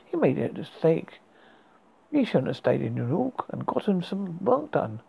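A man from the UK hosting a horror podcast, reading a story aloud in an unhurried way and often restarting a word. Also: a little high, huge pitch swings, vocal fry, dark tone, breathy edge, low-quality recording.

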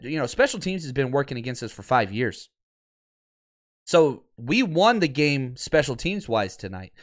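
A man hosts a live sports podcast, excitable and candid, stumbling and restarting as he goes. His voice sits a little high and swings widely in pitch. He is losing his voice.

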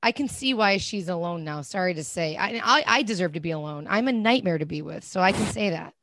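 A woman's voice: lowish voice, lively intonation, brisk, a bit bright, dry recording. A woman co-hosting a podcast in casual chat, blunt, sarcastic and gossipy. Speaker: podcast co-host.

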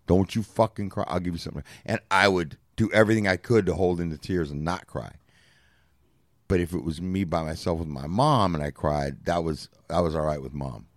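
A man's voice: sits low, moderate pace, no room sound, clean studio sound. A man co-hosting a podcast who talks candidly, swears freely and restarts his sentences. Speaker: podcast co-host. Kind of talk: candid conversational talk.

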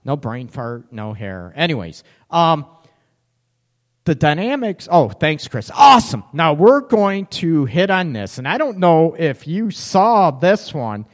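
Male live-show host, playful teaser, slightly high voice, echo-heavy room. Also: very animated, slow. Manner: teasing, laughs often, reads out chat comments. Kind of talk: casual live-stream chat. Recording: echoey room with long reverb.

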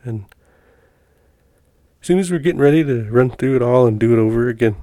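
A middle-aged man tells his own stories in a loose, folksy ramble, full of fillers and restarts. His voice sits mid-range and sounds relaxed and mellow. The recording is dry and close. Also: medium pitch, a little fast, no echo. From Montana. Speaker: podcast guest telling personal stories. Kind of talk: casual storytelling.

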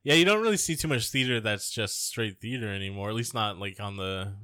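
A man's voice: lowish voice, a little fast, bright, forceful tone, no echo, studio quality. Crude, rambling podcast co-host man. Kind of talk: casual comedic chat.

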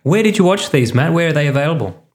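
A man's voice: fairly high pitch, animated, fast talker. A man co-hosting a casual podcast, dropping dry, wry asides. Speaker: podcast co-host. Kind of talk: casual chat.

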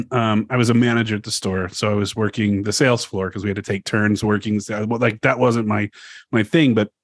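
Podcast co-host, forties, animated storyteller who curses and acts out quotes, dry close sound. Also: male voice, lowish voice, brisk, no room sound. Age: 40s. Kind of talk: casual chat.

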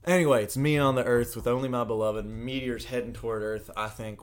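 A man's voice: mid-range voice, steady tone, brisk. A man co-hosting a casual podcast, joking and laughing often as he tells a rambling personal story. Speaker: podcast co-host. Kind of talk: casual chat. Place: New York.

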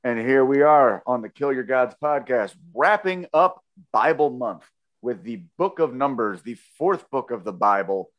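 A man's voice: medium pitch, animated, a little slow. A man hosting a casual podcast, joking and rambling, who corrects himself mid-sentence and slips into a slight Southern inflection. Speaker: podcast host.

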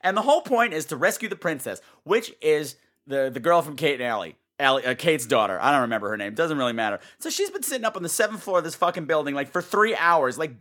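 A man's voice: on the high side, sharp tone. A man hosting a podcast, ranting sarcastically about a bad movie, swearing and squealing as he acts out scenes. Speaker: podcast host. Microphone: home mic turned up high.

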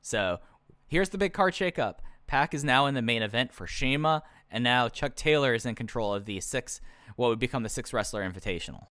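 On a podcast reviewing a wrestling show, a male co-host chats casually but with strong opinions, often restarting his sentences. His medium-pitched voice is animated, brisk, pushed, and bright, captured in a dry, clean studio recording.

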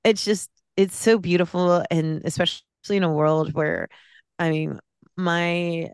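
A woman talking as a podcast guest in a loose, heartfelt ramble, often circling back and restarting her thoughts. Her voice is smooth and resonant but has a gravelly fry underneath. The recording is close and dry. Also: on the low side, fairly even intonation, measured pace, dry recording. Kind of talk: casual film discussion.

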